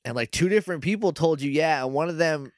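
A man's voice: fairly high pitch, quick pace, dry recording, clean studio sound. A young man co-hosting a podcast, rambling through a recap in casual chat and acting out lines in silly voices. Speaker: podcast co-host.

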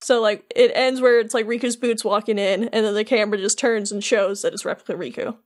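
A woman's voice: medium pitch, steady tone, a little fast. A young woman co-hosting a podcast, casually recapping a story and peppering her talk with "like". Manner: chatty, peppered with "like". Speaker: podcast co-host.

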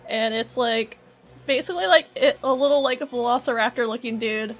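A woman's voice: a little high, normal speed, soft background music. A woman playing a tabletop role-playing game, chatty and full of fillers as she describes things. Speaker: player.

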